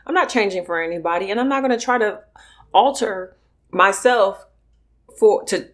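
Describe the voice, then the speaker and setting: A young woman from California talking bluntly and emphatically to her viewers while eating on camera. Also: lowish voice. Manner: blunt, emphatic, talks between bites. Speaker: mukbang vlogger. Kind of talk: casual eating vlog chat.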